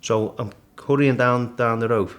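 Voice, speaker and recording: A middle-aged man, a guest in a casual interview, vividly retelling his climb and acting out the shouts and thoughts along the way. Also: mid-range voice, moderate pace. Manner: animated storyteller, acts out his own shouts and thoughts. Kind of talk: storytelling in casual conversation.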